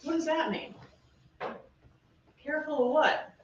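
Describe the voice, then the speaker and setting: A woman prosecutor argues her case to the jury in a fairly high voice, hammering her points home with one sharp rhetorical question after another. She sounds far from the microphone, in a roomy courtroom. The sound is muffled and carries a faint hiss. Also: fairly even intonation. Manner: emphatic, rapid-fire rhetorical questions. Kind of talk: courtroom closing argument.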